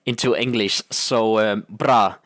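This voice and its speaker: A man's voice: mid-range voice, lively intonation, a little slow, fairly bright tone, no room sound, clean studio sound. A young man with a Danish accent rambles through casual gaming commentary, laughing often and swearing freely. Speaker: gaming channel host.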